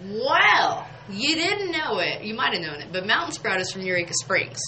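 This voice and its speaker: A woman's voice: mid-range voice, sing-song, normal speed, sharp tone, slight background noise, rough recording. A woman, hosting a local radio show in casual, chatty talk, laughing often and saying "y'all.". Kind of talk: casual on-air chat. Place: radio studio.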